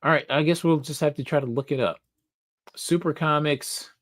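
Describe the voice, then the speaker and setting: A man hosting a casual live stream, thinking aloud, swearing casually and getting excited. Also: fairly high pitch, normal speed, no echo, studio quality. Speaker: host of a comic book live show.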